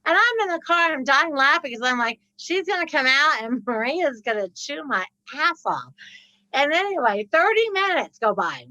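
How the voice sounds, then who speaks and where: A woman guest on a podcast, telling a story with lively laughter and acting out the people in it. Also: sits high, normal speed, no room sound, rough recording. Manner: laughs often, acts out the people in her story. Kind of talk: animated storytelling.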